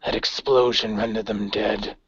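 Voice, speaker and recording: A man playing a grim, cold gang leader who speaks with measured, menacing calm. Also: lowish voice, vocal fry, slightly rough, no room sound, voice pushed down, full character voice. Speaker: player voicing his character. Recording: dry, dull lo-fi recording.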